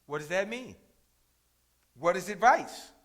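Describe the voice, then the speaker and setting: High, forceful call-and-response preacher man. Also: expressive, unhurried. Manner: call-and-response, repeats phrases for emphasis; rises to shouts at key points. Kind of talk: sermon.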